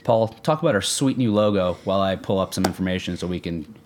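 A young man co-hosting a casual sports podcast, joking and excitable, his voice jumping up high when he gets animated. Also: quick pace, background noise. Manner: excitable, jokey, pitch jumps up when animated. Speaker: podcast co-host.

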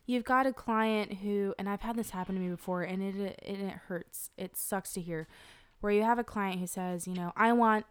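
A young woman in casual podcast conversation. She rambles and swears freely, and her voice is smooth and clear, pitched in the middle. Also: normal speed, no echo. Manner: rambling, candid, swears often. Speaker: podcast guest, web designer.

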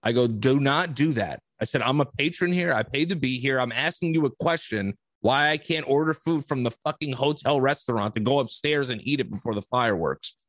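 A man's voice: medium pitch, fairly quick, hardly any pauses, no room sound. Man, podcast host, casual storytelling, swears a lot, acts out dialogue, dry close sound. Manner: animated, profane, acts out quoted dialogue.

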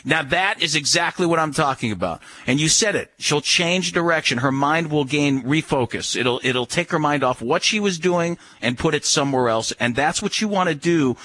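A man's voice: a little high, animated, moderate pace, hardly any pauses, bright, forceful tone. A man giving firm, instructive dog-handling advice in a casual radio chat.

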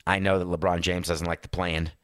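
Chatty low-voiced sports show host. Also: male voice, a little fast, clear, resonant tone, no echo, clean studio sound. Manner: animated, rambling, conversational, explains with asides. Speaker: sports talk show host, former team executive. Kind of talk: casual sports commentary monologue. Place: indoors, seated in a chair.

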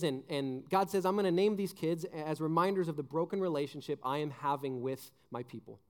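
A young man, a junior high pastor, giving a joking youth sermon full of stories, restarts and "like". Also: in a large hall. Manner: animated, joking, many restarts and "like".

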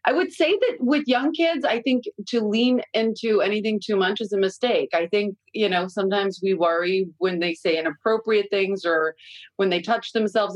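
Brief: woman, forties, blunt and candid podcast guest who swears freely, mid-pitched voice, dry close mic. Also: no echo, low-quality recording. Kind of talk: casual podcast chat.

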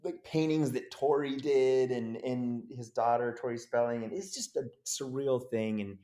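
A man telling a story in a casual interview, animated and acting out the voices of the people in it. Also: medium pitch, normal speed. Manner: animated, acts out quoted voices. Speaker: actor guest.

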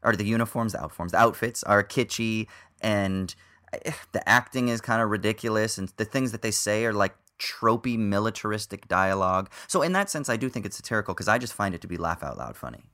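A man's voice: lowish voice, animated, brisk, pushed and bright. A man co-hosting a podcast, talking films in a casual, swearing way with lots of fillers. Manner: swears freely, many fillers. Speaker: podcast co-host. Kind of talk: casual film discussion.

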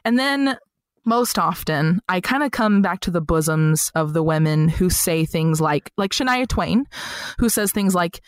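Woman, podcast guest, bubbly comic storyteller, dry close sound, middle pitch. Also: moderate pace, no echo. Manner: chatty, animated storyteller full of "like" who slips into comic voices. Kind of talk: casual interview chat.

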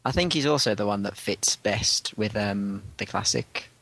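A man co-hosting a casual podcast, speaking in a measured, soft-spoken way. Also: fairly low pitch, gravelly, no room sound, rough recording. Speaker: podcast co-host. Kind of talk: casual toy podcast chat.

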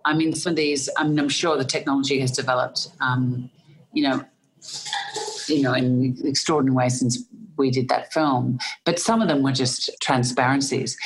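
A woman with an Australian accent, a guest in an interview, telling animated stories and laughing often. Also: deep voice, a little hiss or hum. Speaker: guest actor. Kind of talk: animated anecdotal storytelling.

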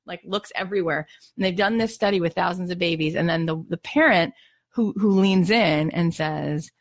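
A woman giving an earnest, animated mindfulness talk, acting out the voices she quotes. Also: medium pitch, fairly quick, no room sound, clean studio sound. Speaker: self-help speaker.

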